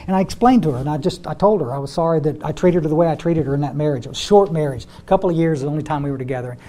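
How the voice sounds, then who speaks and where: A man's voice: a little high, mellow. An older man speaking to a recovery group, folksy and repeating words as he tells his story. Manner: folksy, repeats words, addresses audience as y'all. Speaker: AA step study speaker.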